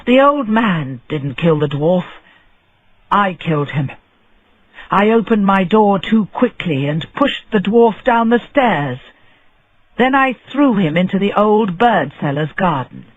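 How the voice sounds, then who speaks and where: A man doing a frightened doctor, husky and anxious, muttering to himself. His lines come slowly and unevenly, rising and dropping. The sound is thin and tinny. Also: sits high, sing-song, no room sound, exaggerated voice. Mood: resolute. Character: frightened male doctor, scheming.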